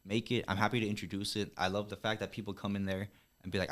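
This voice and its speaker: A man, a podcast guest who runs a boba shop, talking casually and quickly with lots of "like" and some swearing. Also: lowish voice, fairly even intonation, fairly bright tone. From West Texas. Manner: fast, loose, swears freely, lots of "like". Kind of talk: casual chat.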